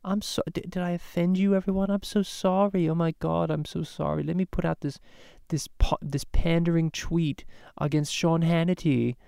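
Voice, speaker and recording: Man doing a whiny male celebrity, high pleading voice, mock-apologetic, smooth, dry. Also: fairly even intonation, normal speed, few pauses, mellow, no room sound. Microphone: podcast microphone.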